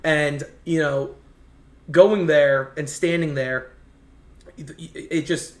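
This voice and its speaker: A man's voice: on the high side, steady tone, takes it slowly. A man from the United States telling rambling, earnest travel stories in a casual chat. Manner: earnest, rambling anecdotes with many restarts. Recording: echoey room.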